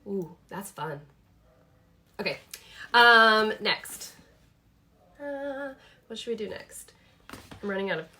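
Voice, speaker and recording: A woman's voice: mid-range voice, bright, forceful tone. A woman, hosting a casual live product chat from her home office. She is chatty and enthusiastic, thinking aloud with many fillers. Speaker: host showing her planner products.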